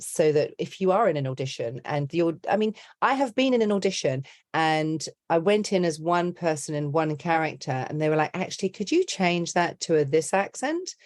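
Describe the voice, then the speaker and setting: A woman who coaches accents, chatting as a podcast guest in a lively, laughing way that often breaks off mid-sentence. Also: low-pitched, no echo, studio quality. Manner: animated, laughing, self-interrupting storyteller. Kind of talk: casual interview chat.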